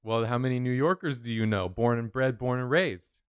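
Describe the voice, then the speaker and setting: A man's voice: medium pitch, normal speed, smooth, no room sound. A man teasing his friends in a wry way during a casual chat on a comedy drawing show. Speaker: artist and show regular.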